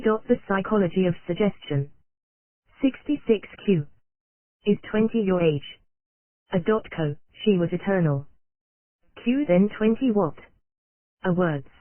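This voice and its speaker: Un narrador de audiolibro con voz de tono medio lee un texto de forma pausada y uniforme, pronunciando en voz alta hasta los símbolos. El sonido es seco y metálico, como filtrado por una línea telefónica, sin nada de eco. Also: mid-range voice, dry recording. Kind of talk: scripted narration of a psychology book. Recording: tinny, phone-like dry recording.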